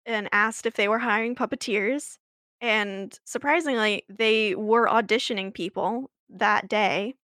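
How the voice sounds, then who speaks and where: This woman's medium-pitched, fairly bright voice moves at a measured pace. Co-hosting a podcast, she chats casually and tells a story, laughing, using many fillers and starting over often. The studio-quality recording has no echo.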